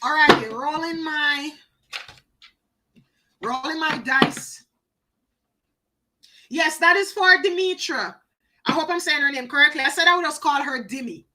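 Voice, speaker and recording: A woman's voice: high-pitched, a little slow, long pauses, heavy background noise. A woman doing a live oracle card reading, chatty, talking to viewers by name and repeating phrases for emphasis.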